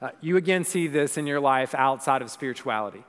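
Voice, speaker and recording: A man's voice: mid-range voice, lively intonation, a little fast, fairly bright tone, clean tone. A young man preaching a sermon in a church, talking conversationally and then building into a rhythmic, emphatic recitation. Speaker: pastor. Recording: long reverb of a large hall.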